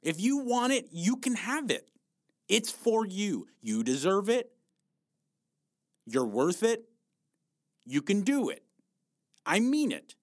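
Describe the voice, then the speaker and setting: Blunt, profane fitness coach, dry close sound. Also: male voice, high-pitched, big pitch swings, slow pace, long pauses, dry recording. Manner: blunt, profane, emphatic, pumps up the listener. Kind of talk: motivational fitness talk.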